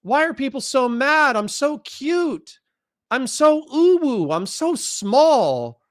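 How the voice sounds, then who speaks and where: Man putting on a squeaky babyish whine. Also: big pitch swings, slow pace, exaggerated voice. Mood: mocking. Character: mocking whiny cutesy childlike voice.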